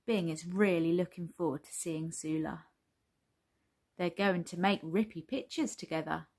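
A woman reading a children's story aloud, gentle and expressive. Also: lowish voice, moderate pace, breathy edge.

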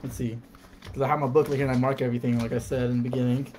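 A young man streaming live, casually calling out cards as he opens packs and breaking into excited shouts at good pulls. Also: mid-range voice, rapid-fire. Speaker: card-opening streamer. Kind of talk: live card pack opening.

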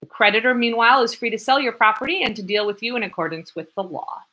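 A woman's voice: a little high, animated, quick pace, sharp tone, pitched above the performer's own voice, poor audio. A woman playing a smug officious head clerk. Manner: officious, matter-of-fact.

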